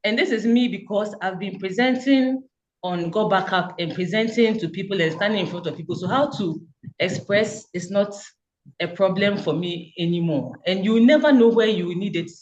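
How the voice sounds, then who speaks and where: A woman's voice: medium pitch, moderate pace, a little mellow, highs cut off. Earnest woman giving a fervent testimonial. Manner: fervent, repetitive, encouraging. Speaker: community member giving a testimonial. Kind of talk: earnest motivational speech.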